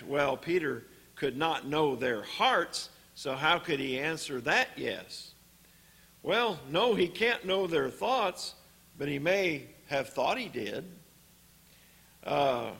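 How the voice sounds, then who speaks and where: A man preaching a sermon in a church, teaching on scripture in a deliberate way with pauses and "uh" fillers. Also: fairly high pitch, bright, forceful tone, husky.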